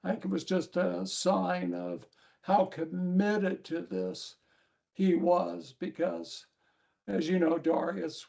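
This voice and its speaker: Columnist guy telling a story, gravelly and kinda high, lots of uhs, dull lo-fi sound. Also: mellow. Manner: storytelling, many "uh" pauses. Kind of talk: panel discussion.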